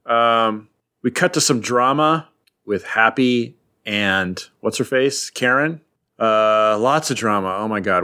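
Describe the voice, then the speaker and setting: A man with a middle-pitched everyday voice, casually recapping a comic story. He rambles and jokes along the way, often stopping for filler words. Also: a bit bright. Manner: rambling and jokey, with many fillers. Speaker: podcast host recapping a comic. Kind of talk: casual chat.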